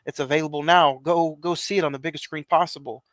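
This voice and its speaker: A man co-hosting a movie podcast, chatting casually with frequent halting restarts. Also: fairly high pitch, fairly even intonation, no room sound. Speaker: podcast co-host.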